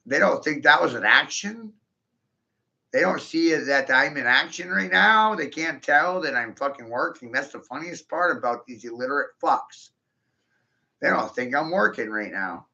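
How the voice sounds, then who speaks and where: A man's voice: fairly high pitch, lively intonation, a little slow, creaky, long pauses, sharp tone, muffled recording. A man in a rambling monologue, boastful and taunting, swearing crudely and laughing often.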